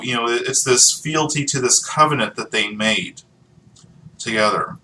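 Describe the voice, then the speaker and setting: Man, Bible teacher, reads verses then explains with ums, sharp bright voice, mid pitch, heard from a bit away. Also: distant mic, poor audio. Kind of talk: scripture teaching with read passages.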